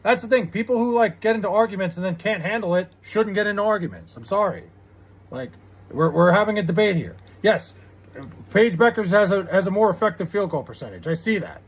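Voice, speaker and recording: A man's voice: sits high, animated, fairly quick, breathy edge. A young man streaming live, arguing heatedly with his chat and swearing often. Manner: heated, argumentative, swears a lot.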